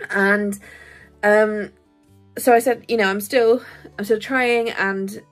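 A woman's voice: medium pitch, fairly even intonation, slow pace, faint music behind. A woman vlogging candidly, chatty and rambling, laughing often and easily moved. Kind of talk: candid personal vlog.

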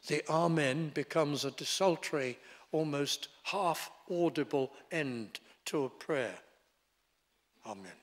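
A man, preaching a sermon as pastor in a deliberate, emphatic way. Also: on the high side. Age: 70s. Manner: deliberate, emphatic preaching with short declarative lines. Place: church sanctuary. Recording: long reverb in a large hall.

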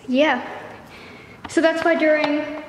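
A woman's voice: high-pitched, fairly even intonation, slow pace, slight background noise. A young woman vlogging outdoors in the woods, out of breath and chatting in a rambling way about her dance shoot. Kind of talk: casual vlog chat.

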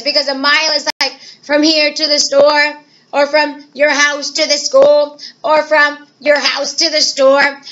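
A woman teacher with a high-sitting voice gives a recorded math lesson for children, playful and animated, posing questions and then answering them herself. The recording sounds muffled.

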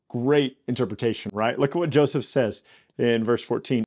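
Animated, jokey pastor teaching scripture. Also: male voice, medium pitch, normal speed. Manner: animated storyteller, jokey, builds to loud exasperation. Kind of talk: Bible study podcast teaching.

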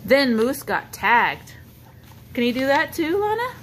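A woman reads a picture book aloud to a toddler at a slow, unhurried pace. Her high voice swings widely as she coaxes and asks the child questions about the pictures. A faint hiss sits under the recording. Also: sing-song. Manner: sing-song, coaxing, points at pictures and asks the child questions. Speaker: storybook reader for a child.

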